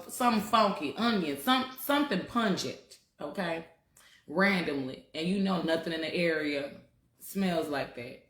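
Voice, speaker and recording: A woman talks casually and bluntly to her livestream viewers, swearing freely. Her voice sits on the low side. The room around her is roomy and echoey. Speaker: spiritual talk host.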